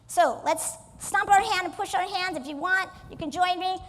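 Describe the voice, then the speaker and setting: A woman motivational speaker giving a keynote on stage, energetic and coaxing the audience to join in. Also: extremely high pitch, moderate pace, long reverb tail. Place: stage in a large hall.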